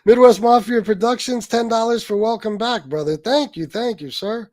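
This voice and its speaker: A man's voice: very high voice, moderate pace, a little mellow, no echo, clean studio sound. A man hosting a casual livestream, profane and mocking, reading donations and trading jabs with viewers. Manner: profane, mocking, laid-back between rants. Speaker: livestream host.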